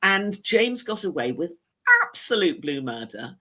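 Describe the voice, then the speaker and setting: A woman reviewing television shows in casual chat, lively and talkative, laughing easily. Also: fairly low pitch, a little slow. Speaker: screen critic.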